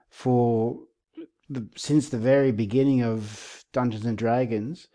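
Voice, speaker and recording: A man hosting his own channel, talking through game rules in a relaxed, slightly sarcastic way. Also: mid-range voice, takes it slowly. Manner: relaxed, self-aware, a bit sarcastic. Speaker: channel host. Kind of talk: casual commentary video.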